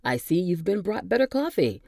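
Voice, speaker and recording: A woman's voice: fairly low pitch, sing-song, fairly quick, vocal fry, darkish tone, dry recording, studio quality, voice pushed up, exaggerated voice. A woman voicing a cheerful, courteous male hospital orderly in a storybook reading.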